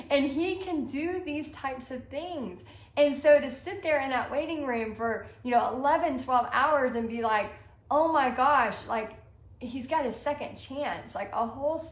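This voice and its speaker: A woman with a slightly high, somewhat bright voice hosts a live-streamed motivational talk for a paint party business, earnest and fired up, peppering her speech with "you know" and "like." The room is echoey, with a faint hum in the background.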